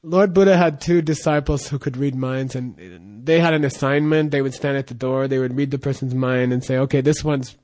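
A man who is a Buddhist monk, telling a teaching story casually, rambling and halting with fillers. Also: medium pitch, a little mellow.

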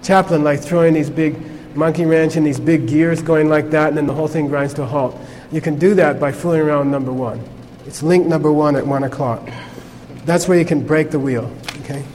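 A man's voice: on the high side, steady tone, brisk, a little mellow, in a large hall, a little hiss or hum. A man teaching a Buddhist class in a conversational way, checking in with his listeners with frequent "okay?". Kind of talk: informal class lecture.

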